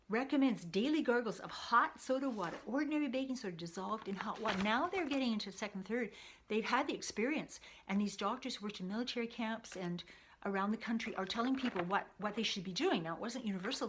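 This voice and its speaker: A woman's voice: a little high, a bit bright, a little hiss or hum. A woman hosting an explanatory history video, chatting casually and reading old newspaper clippings aloud. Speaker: video host.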